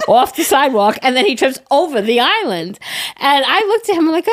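A woman's voice: high-pitched, brisk. A young woman co-hosting a podcast, telling stories in casual chat, swearing freely and often restarting her sentences. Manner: swearing, stammering restarts, animated storytelling. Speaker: podcast co-host.

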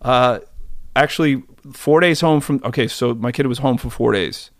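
A man in his forties, a podcast guest, chatting casually and telling rambling, animated stories with many restarts. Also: mid-range voice, moderate pace, dry recording, clean studio sound. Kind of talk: casual interview chat.

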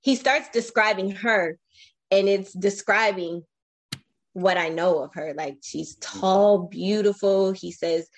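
A woman in her forties, a podcast interview guest, telling her own life story in an animated, emotional way with frequent restarts. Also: mid-range voice, slow pace.

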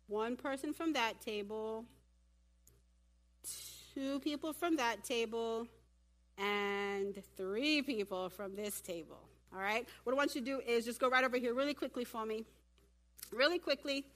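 A woman giving a lively sermon at a church women's event and directing volunteers from the audience. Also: a little high, normal speed, pauses often. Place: church hall.

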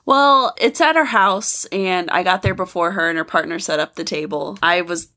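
A woman's voice: fairly low pitch, moderate pace, pushed and bright. A woman co-hosting a podcast in casual chat, giggly and teasing. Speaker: podcast co-host.

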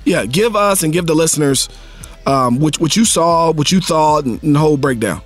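Higher-voiced male sports show host. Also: animated, normal speed, soft background music. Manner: rambling, questioning. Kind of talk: casual sports talk.

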